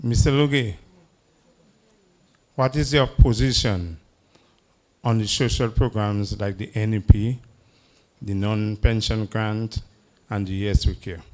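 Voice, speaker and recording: A man's voice: on the low side, steady tone, slow, pauses often. A man, an audience member at a public forum, politely asking a candidate about social programs.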